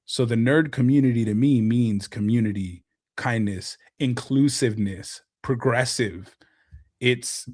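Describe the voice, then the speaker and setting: A man's voice: mid-range voice, dry recording, clean studio sound. A man, a podcast guest, talking in an earnest and heartfelt way in casual conversation. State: emotional, close to tears. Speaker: podcast guest, content creator.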